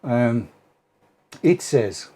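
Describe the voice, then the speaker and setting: Husky, mellow-voiced live-stream host. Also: male voice, mid-range voice, lively intonation, extremely slow. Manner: jokey, chatty, teasing. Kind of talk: casual live-stream chat.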